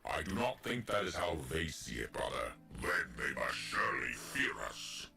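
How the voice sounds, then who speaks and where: An actor voicing a boastful, brooding horned male beast who speaks in slow, menacing half-whispers. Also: low-pitched, big pitch swings, vocal fry, bright, forceful tone, exaggerated voice. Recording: roomy, distant, with music under it.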